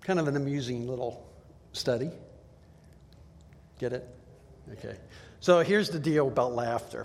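A man's voice: a little high, lively intonation, normal speed, pauses often. A man preaching a sermon in a conversational way, acting out the voices he quotes. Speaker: pastor. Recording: long hall reverb.

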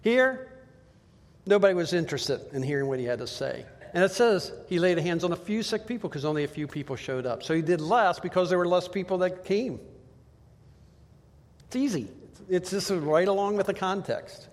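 A man's voice: sits high, expressive, moderate pace. A man preaching a sermon in a conversational way, acting out the voices he quotes. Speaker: pastor. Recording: long hall reverb.

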